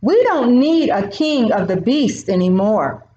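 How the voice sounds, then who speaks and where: A woman's voice: on the high side, expressive, measured pace, dark tone. A woman voicing a big, blunt male water buffalo who speaks in a commanding way, in a storybook reading. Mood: firm. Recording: roomy, dull recording.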